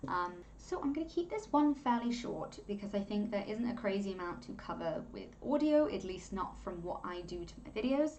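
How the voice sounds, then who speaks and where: A young woman giving a casual, rambling editing tutorial at home, chatty and quick to laugh. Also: medium pitch, animated, darkish tone, dull audio, a little hiss or hum. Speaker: content creator teaching video editing. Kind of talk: casual screen-recording tutorial.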